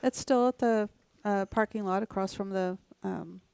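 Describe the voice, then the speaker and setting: A woman, a talk show guest speaking in a relaxed, hesitant way. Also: medium pitch, moderate pace, vocal fry, clear, resonant tone, dry recording. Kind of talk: casual chat.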